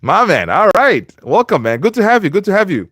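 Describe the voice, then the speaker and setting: A man's voice: high-pitched, big pitch swings, a little fast, fairly bright tone, dry recording. Dry-sounding casual livestream host man. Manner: loose and chatty, many fillers, reads viewer comments aloud and greets viewers by name. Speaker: livestream host of a football fan channel.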